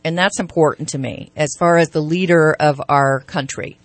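A woman's voice: sits low, steady tone, moderate pace, no echo. A woman co-hosting a local radio talk show, speaking casually and hesitantly with restarts. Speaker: radio co-host.

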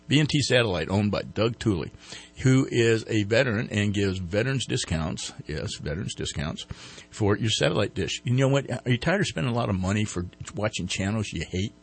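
A man's voice: fairly low pitch, animated, brisk, husky. A man hosting a casual morning radio show from a studio, joking around and reading sponsor ads. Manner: jokey, rambling, reads sponsor ads. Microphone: studio microphone.

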